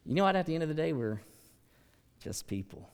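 A male pastor preaching with a high, lifted voice, throwing in jokes and swinging between booming outbursts and hushed, low asides. His sermon rings through a church sanctuary, trailing a long hall reverb. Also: brisk, clear, resonant tone. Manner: animated, jokey preaching with big swings in loudness.

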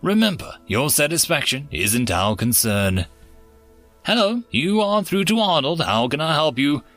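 A man's voice: a little high, very animated, a little slow, a bit bright, dry recording, soft background music. A man voicing a chipper male human support-line operator who runs through upbeat call-centre patter. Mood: cheery, scripted.

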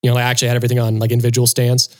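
A man, a co-host and touring drummer, telling a story in casual chat and acting out quotes in a raised voice. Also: racing. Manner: animated storyteller, acts out quotes in a higher voice.

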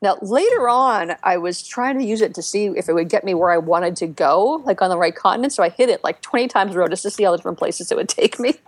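Woman, podcast co-host, casual chat, fillers and restarts, average pitch. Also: fast, hardly any pauses, no room sound. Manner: chatty storytelling with many fillers and restarts, animated when quoting others. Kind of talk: casual chat about a video game.

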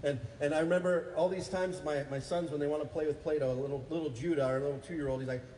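Energetic preaching man in echoey church. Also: on the high side, fast, few pauses, slight background noise. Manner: energetic preaching, calls for responses, rises to loud peaks. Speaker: pastor. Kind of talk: sermon. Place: church sanctuary. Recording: echoey hall, faint ambience.

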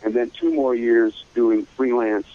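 An older man, a voice actor, telling career stories in a casual interview, animated and slipping into voices. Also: medium pitch, a little slow, phone-quality sound. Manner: animated storyteller who slips into voices. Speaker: voice actor guest.

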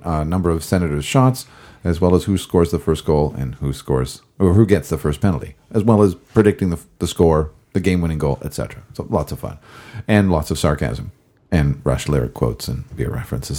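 A man hosting a casual hockey podcast, his voice a little gravelly, rambling with fillers and self-corrections. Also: extremely low pitch, brisk, dark tone. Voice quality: gravelly, recovering voice. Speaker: podcast host.

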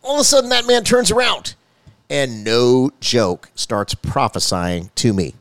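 A man's voice: medium pitch, very animated, a little slow, fairly bright tone, no room sound. A male pastor telling his personal faith testimony in an earnest storytelling manner, building emphasis as he goes.

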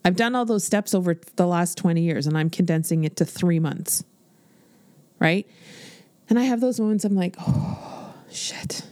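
A woman's voice: lowish voice, normal speed, clean tone, no echo. Blunt, swearing woman podcast coach. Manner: blunt, swears freely, animated. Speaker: podcast host and business coach. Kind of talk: casual motivational podcast monologue.

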